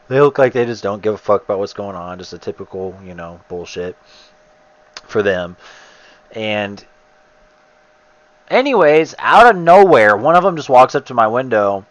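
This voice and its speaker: A man's voice: lowish voice, dry recording, low-quality recording. Profane rambling man telling a story. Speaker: gamer streamer. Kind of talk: casual storytelling while gaming.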